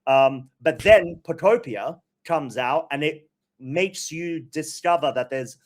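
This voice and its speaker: Animated, rambling male podcast host. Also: fairly high pitch, slow. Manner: rambling, animated, filler-heavy. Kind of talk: casual chat.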